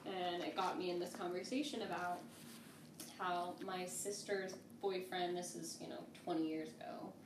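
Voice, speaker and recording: A woman's voice: lowish voice, steady tone, moderate pace. Woman, podcast guest, casual chatty talk, lots of "like", distant from mic, echoey room. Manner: chatty, constant "like" fillers. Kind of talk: casual conversation. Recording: roomy and off-mic with noise.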